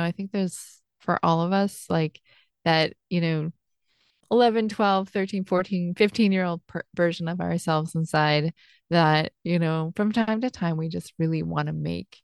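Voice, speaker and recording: A woman's voice: lowish voice, creaky, clear, resonant tone, no echo, clean studio sound. A young adult woman hosting a casual solo podcast, reflective and chatty, with plenty of fillers and restarts. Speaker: podcast host and life coach.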